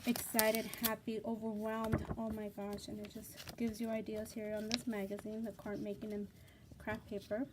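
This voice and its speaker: A woman hosting a casual craft unboxing vlog, gushing and excitable, with lots of fillers and repeated words. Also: medium pitch, moderate pace, noisy background. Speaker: craft channel host.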